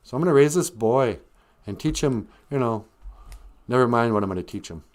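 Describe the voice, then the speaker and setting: A man's voice: medium pitch, lively intonation, brisk, a little mellow, natural voice. A man voicing a breezy, blunt billionaire recluse in an offhand tone. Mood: earnest.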